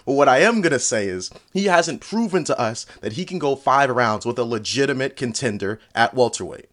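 A man's voice: mid-range voice, expressive, a little fast, a bit bright. A man as a podcast guest, giving blunt, confident opinions in casual talk.

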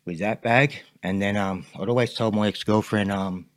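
A man's voice: on the low side, steady tone, moderate pace, no room sound. A man with an Australian accent, a podcast guest telling a long story in a rambling way, full of fillers. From Sydney, Australia. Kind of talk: casual storytelling interview.

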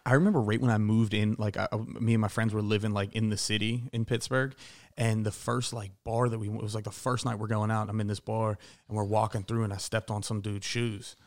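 Fast-talking man, rambling anecdotes. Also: on the low side, level tone. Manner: rambling anecdote, many fillers, swears. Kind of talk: casual podcast chat.

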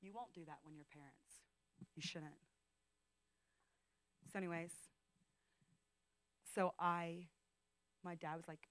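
Lady telling her faith story to a group, lowish voice, dry sound, goes from whispers to shouting. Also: flat delivery, measured pace, long pauses, clear, resonant tone, no echo, poor audio. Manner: intimate, emotional storytelling, swinging from hushed whispers to loud outbursts. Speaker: guest speaker. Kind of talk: testimony talk. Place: training school session.

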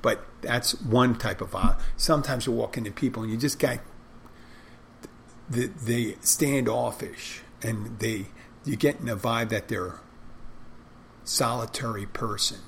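Gravelly and medium-pitched, a restaurant server and bartender talks a little slowly about how he handles customers. He acts out his greetings in a relaxed storytelling style, and there's slight background noise.

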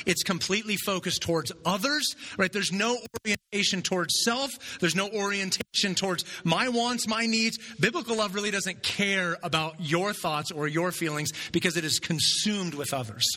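A man's voice: high voice, moderate pace, few pauses, sharp tone, in a large hall. A man preaching a sermon as pastor, talking conversationally and checking in with his listeners by asking "right?" again and again.

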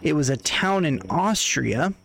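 A man's voice: a little high, lively intonation, measured pace, creaky, fairly bright tone, slight background noise. A man on a podcast talking casually and at length, circling back to his points. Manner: thoughtful, rambling family storytelling. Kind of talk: casual chat.

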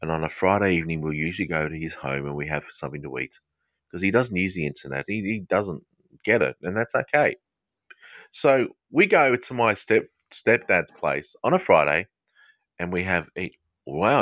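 A man's voice: low-pitched, sing-song, normal speed, a bit bright, no echo, highs cut off. A middle-aged man with an English-Australian accent, a psychotherapist chatting playfully and rambling with viewers during a live social media stream. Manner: playful, rambling, jokey asides.

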